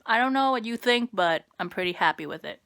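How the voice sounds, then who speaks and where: A young woman with a bright, clear tone talks her way through a makeup tutorial. She rambles and pokes fun at herself as she applies each product. Her speech is casual and unscripted. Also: medium pitch, expressive, brisk. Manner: rambling self-deprecating, talks while applying makeup. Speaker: beauty vlogger.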